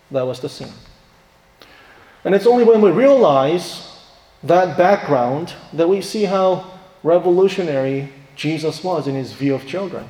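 A man preaches in a slightly high voice, leaning hard on key words and asking the room questions. His voice rings through a roomy hall with a long reverb tail. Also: warm tone. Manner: emphatic, rhetorical questions, acts out quoted voices. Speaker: pastor. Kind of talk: sermon.

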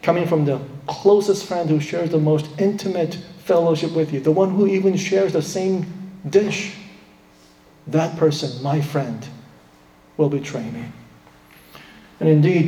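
A man preaching a sermon, emphatic, acting out the quoted lines in a raised voice. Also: mellow. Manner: emphatic preaching, acts out quotes with rising pitch. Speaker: pastor. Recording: roomy hall with long reverb.

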